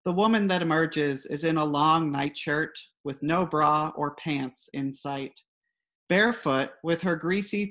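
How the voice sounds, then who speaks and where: A woman's voice: low voice, fairly bright tone. A woman reading her own comic personal essay aloud in a wry, dry storytelling manner.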